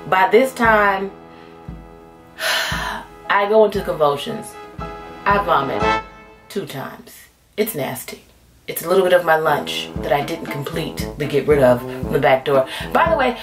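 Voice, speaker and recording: A woman telling a comic story about herself in a sassy, animated way, acting out voices and singing some lines. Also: sits low. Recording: music playing behind.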